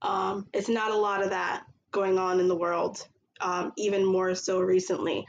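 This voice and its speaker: A woman's voice: mid-range voice, little pitch movement, unhurried, vocal fry, muffled recording, a little hiss or hum. A woman hosting a podcast, talking earnestly in casual chat with many fillers. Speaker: podcast host.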